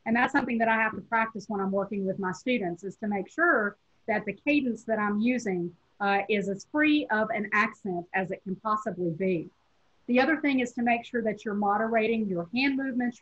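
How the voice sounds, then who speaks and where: A woman with a Southern accent from Tennessee explains classroom practice to teachers over a webinar, measured and direct. Her voice is a touch husky and sits at an ordinary pitch, and the video-call sound is dull and lo-fi. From Tennessee, USA. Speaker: teacher educator. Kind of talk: webinar lecture.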